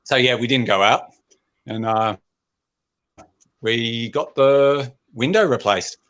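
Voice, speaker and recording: Deadpan male stand-up comic. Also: mid-range voice, takes it slowly. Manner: deadpan, throat-clearing delivery. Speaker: stand-up comedian.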